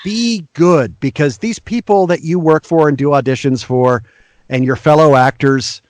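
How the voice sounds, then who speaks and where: A man's voice: fairly high pitch, normal speed, no echo. A middle-aged male voice actor, a guest in an interview, giving earnest, frank and encouraging career advice.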